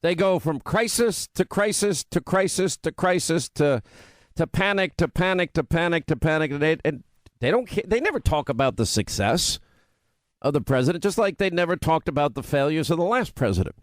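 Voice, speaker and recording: A male talk radio host with a notably high voice, recorded dry and close. He delivers an opinionated monologue, mocking buzzwords by repeating them and firing off lists one after another. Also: expressive, no echo. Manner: mocking repetition of buzzwords, rapid-fire lists.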